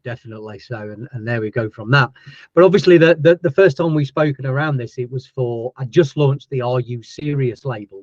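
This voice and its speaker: A man's voice: medium pitch, dry recording, highs cut off. Chatty Yorkshire man hosting, dry sound. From Yorkshire, England. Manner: chatty, jokey, matey. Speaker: podcast host. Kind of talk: casual interview chat.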